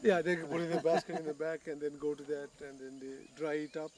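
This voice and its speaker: A man's voice: a little high, fairly even intonation, fast talker, a loud crowd. Man answering questions on a tea plantation, slightly distant. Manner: short, simple answers. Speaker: local guide at a tea plantation. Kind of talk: casual outdoor conversation. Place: outdoors at a rural tea plantation.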